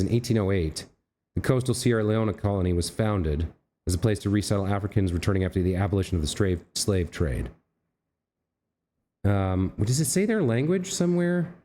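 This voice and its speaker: A man hosts a let's play, thinking aloud as he works through a puzzle, often correcting himself and talking to the figures on screen. His voice is fairly low and dark, with lively intonation and a quick pace. There is slight background noise.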